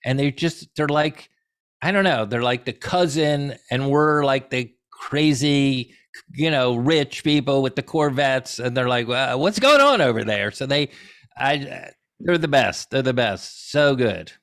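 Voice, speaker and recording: A middle-aged man, a comedy historian answering audience questions in an animated, digressive storytelling way. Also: medium pitch, a little slow. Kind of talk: conversational Q&A talk.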